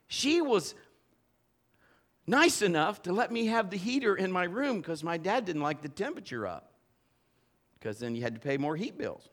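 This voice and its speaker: A middle-aged man preaching a sermon in a church, telling stories and acting out the quotes in lively voices. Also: a little high. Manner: animated storytelling with acted-out quotes. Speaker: pastor.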